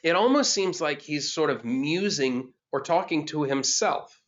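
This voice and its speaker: A man's voice: on the high side, expressive, unhurried, dull audio. A middle-aged man teaching a poetry class over a video call, thinking aloud with many fillers and restarts. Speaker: course instructor. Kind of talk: online class lecture.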